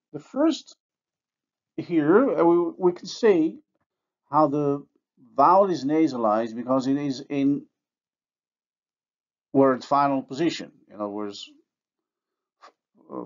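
Male lecturer, slow and deliberate, mid-pitched, models example words, dull lo-fi audio. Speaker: university lecturer. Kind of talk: recorded phonology lecture.

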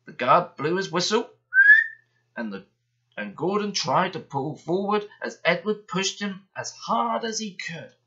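A man's voice: high-pitched, unhurried. Man reading a bedtime story, lo-fi. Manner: gentle, expressive reading. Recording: dull lo-fi sound.

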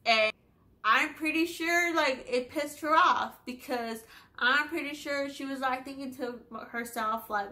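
In an unhurried, high, sharp voice, this woman in her twenties recounts a personal story for her casual vlog. She's frank and foul-mouthed, with "like" peppering nearly every sentence.

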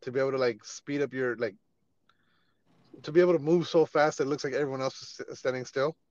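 A man hosting a casual podcast chat, laid-back and quick to laugh and swear. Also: mid-range voice, darkish tone, no echo, muffled recording. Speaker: podcast host.

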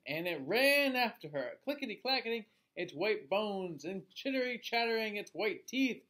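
A male teacher reading a picture book aloud to children in an expressive voice, asking them questions along the way. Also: high-pitched, moderate pace, hardly any pauses. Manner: expressive, asks listeners questions.

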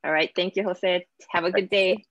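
A woman's voice: fairly low pitch, steady tone, normal speed, a bit bright, no room sound, lo-fi sound. A woman hosting an online class conversation, chatty and casual, slipping in Spanish words. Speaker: host and professor.

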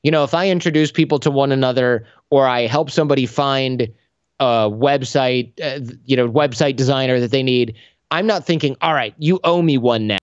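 Male podcast guest, lively storyteller, dry close sound, slightly lo-fi. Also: mid-range voice, moderate pace, no echo. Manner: animated storyteller acting out dialogue. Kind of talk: conversational interview.

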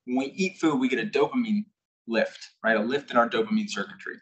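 A man's voice: medium pitch, quick pace, fairly bright tone, a little hiss or hum, rough recording. A young man giving an invited talk to a live audience, telling a candid personal story and now and then acting out what people said. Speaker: invited speaker. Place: corporate headquarters presentation room.

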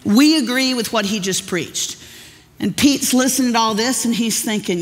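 A woman's voice: fairly high pitch, moderate pace. A woman pastor, preaching with humorous, folksy storytelling in a large church. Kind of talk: sermon. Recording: long reverb of a church hall.

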